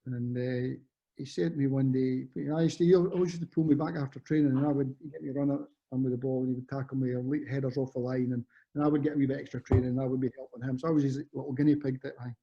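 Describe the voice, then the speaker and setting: A man's voice: medium pitch, fairly even intonation, fast, gravelly, slightly rough. A Scottish man in his fifties, a former footballer and guest, telling rambling stories that often correct themselves. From Scotland. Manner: rambling, self-correcting storyteller. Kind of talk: casual chat. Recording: muffled lo-fi audio.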